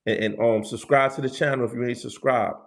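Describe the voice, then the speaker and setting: A man's voice: medium pitch, fairly even intonation, a little fast, creaky. Bronx-accented man chatting on a livestream. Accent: New York, Bronx. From New York City, the Bronx. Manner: loose, street slang, repeats phrases. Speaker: livestream host. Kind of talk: casual livestream chat with viewers.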